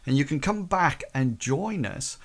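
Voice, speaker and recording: A man's voice: fairly high pitch, lively intonation, unhurried. Guy running a tabletop game, rambly, lots of um and sort of like. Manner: rambling, many fillers. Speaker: game master.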